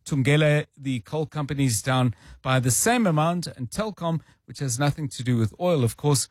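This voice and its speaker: Male radio host, chatty and informal, a bit higher-pitched, close dry studio mic. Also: moderate pace, no room sound. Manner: chatty, conversational, with fillers. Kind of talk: live drive-time radio presenting. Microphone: studio microphone.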